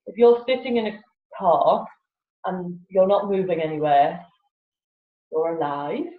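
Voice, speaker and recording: This guest, a laughter yoga teacher, has a fairly low voice and talks a little slowly in a relaxed interview. She often laughs and animatedly acts out voices, all captured on echoey, phone-quality lo-fi audio.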